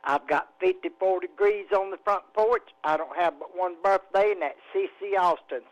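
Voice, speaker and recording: A woman's voice: lowish voice, highs cut off. A woman with a Southern US accent calling in to a radio show, chatty and telling stories. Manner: chatty, storytelling. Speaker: caller. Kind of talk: casual chat on a radio call-in.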